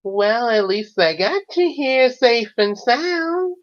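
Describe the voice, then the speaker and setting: A man voicing a smug, self-satisfied young woman with a slow delivery, in dull lo-fi audio. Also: extremely high pitch, expressive, voice pushed up, heavily acted.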